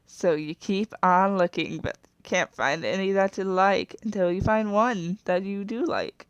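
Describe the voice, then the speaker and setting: Woman, slow chatty narration, dry close sound, self-correcting, trails off. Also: medium pitch, smooth, no echo, highs cut off. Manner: chatty and apologetic. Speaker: video creator. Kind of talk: casual narration while designing a character.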